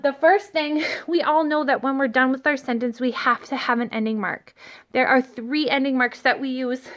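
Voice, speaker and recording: A woman teaching kindergartners by video from an empty classroom, speaking gently, slowly and encouragingly into a phone set down in front of her. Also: sits high. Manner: gentle, slow and encouraging, talks to small children. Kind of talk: remote lesson to young children.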